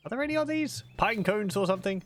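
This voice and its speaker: A man's voice: high-pitched, lively intonation, quick pace, a bit bright. A man hosting a casual let's-play, chatting and rambling as he plays and often correcting himself. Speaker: gaming video host. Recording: faint game music behind.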